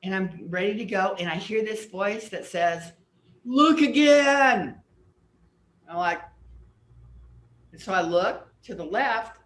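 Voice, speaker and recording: With a medium-pitched voice at a measured pace, an older personal development teacher sits as a guest on an interview show. She explains ideas earnestly and tells stories from her life, occasionally repeating words as memories come back, all in a roomy, echoing space.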